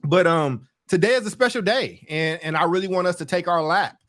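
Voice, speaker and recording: A man hosting a podcast in casual chat, warm and effusive, often repeating and stumbling over words. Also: high-pitched, a little fast. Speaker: podcast host.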